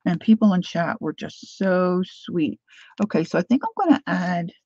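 A middle-aged woman hosting a crafting livestream, chatting warmly to viewers while she works. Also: on the low side, animated, normal speed, breathy edge, no room sound, highs cut off.

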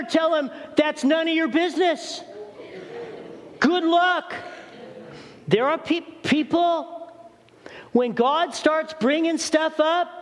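Male pastor, high tenor, emphatic sermon delivery, echoing sanctuary. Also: fairly bright tone. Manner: preaching with acted prayers and rising emphasis. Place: church sanctuary.

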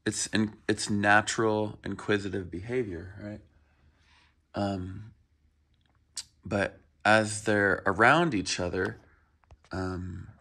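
A man with a rough, fry-edged voice talks unhurriedly at home. He coaches his pets in a soft, easygoing way and keeps tagging his points with "right?". His tone stays slightly breathy throughout. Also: on the low side, steady tone, slow, long pauses. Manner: soft-spoken, frequently adds "right?" while coaching pets. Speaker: dog owner training his dog. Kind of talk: casual explanatory vlog.

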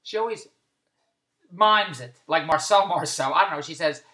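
Speaking at a normal pace, a woman with a low, pushed, bright voice performs a comedic rant in exasperation. Stammered restarts and the same questions asked over and over mark her delivery, and the space sounds echoey.

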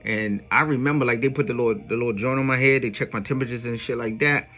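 A songwriter vlogger with a medium-pitched voice talks fast, retelling his own story in an animated, emphatic way. His casual monologue is packed with streetwise slang, frequent "yo," profanity, and emphatic asides.

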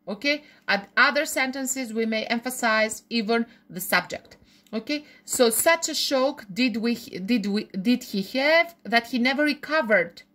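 A woman teaching English grammar. Her voice sits slightly high, and she explains step by step. She keeps checking with "okay?" and restarts her sentences as she goes. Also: a bit bright. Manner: frequent restarts and self-corrections. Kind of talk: grammar lesson.

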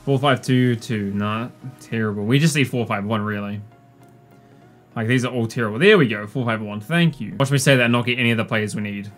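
A young man giving casual gameplay commentary, sarcastic and exasperated, breaking into excited yelps. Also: medium pitch, brisk, soft background music. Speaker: gaming YouTuber.

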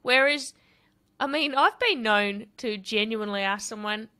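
A woman's voice: fairly high pitch, measured pace, bright, forceful tone. A woman hosting a podcast, chatting casually and laughing at herself. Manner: chatty, self-deprecating, laughs often. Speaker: podcast host. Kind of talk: casual interview chat.

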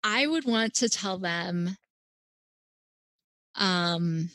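A woman's voice: lowish voice, animated, extremely slow, fairly bright tone, dry recording. Woman guest, dietitian, chatty and encouraging, dry close sound. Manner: upbeat, advice-giving, uses "like" often. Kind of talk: casual podcast interview.

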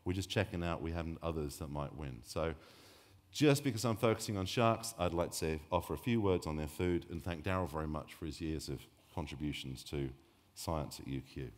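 A man's voice: a bass voice, animated, brisk. A man giving a public science talk on sharks, rambling and joking, often breaking off mid-sentence. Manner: rambling, jokey, self-interrupting. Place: lecture hall. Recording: long hall reverb.

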